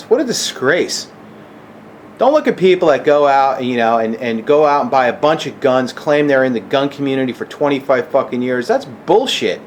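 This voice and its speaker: A middle-aged gun channel vlogger delivers an angry rant to camera, agitated and cursing hard, repeatedly throwing in a pointed "okay?". His mid-range voice is expressive at a moderate pace, over a faint air-conditioner hum.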